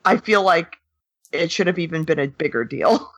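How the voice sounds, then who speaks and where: A woman's voice: fairly low pitch, moderate pace, no room sound. A woman co-hosting a casual podcast, talking with laughs and repeating herself. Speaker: podcast co-host. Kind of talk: casual chat.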